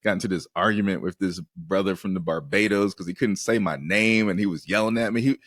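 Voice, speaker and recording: A man in his forties from Maryland, a counselor guest on a podcast, telling animated personal stories and acting out voices. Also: low voice, quick pace, no room sound, studio quality. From Maryland, USA. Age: 40s. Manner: animated storyteller who acts out quoted voices. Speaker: guest, mental health counselor. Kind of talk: casual podcast interview storytelling.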